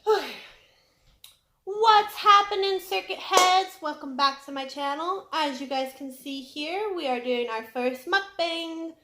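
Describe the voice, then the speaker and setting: This young vlogger's high, sharp-toned voice moves a little slowly through an echoey room. She's eating on camera indoors at home, chatty and apologetic, squeezing words in between bites of her casual eating vlog.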